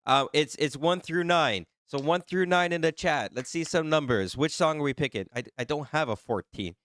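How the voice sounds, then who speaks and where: A man hosting a livestream in casual, excitable chat. His voice sits a little high, and he sounds flustered as he teases the viewers. The sound is dry and close, with no room echo. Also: moderate pace. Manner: flustered and excitable, laughing often, teasing viewers. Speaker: livestream host reading chat. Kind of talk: casual live-stream chat.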